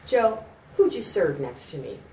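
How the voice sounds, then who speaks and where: Slurring, snappish speakeasy moll, raised pitch; woman reader doing the voice; roomy, distant mic. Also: sing-song, a little slow, dark tone, a little hiss or hum. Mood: indignant. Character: drunk, hot-tempered young moll in a 1920s speakeasy.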